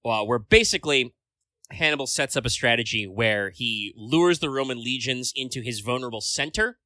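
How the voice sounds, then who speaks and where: A man's voice: mid-range voice, bright, forceful tone, no echo. A man co-hosting a casual podcast chat, rambling along with lots of filler words and casual swearing. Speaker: podcast co-host.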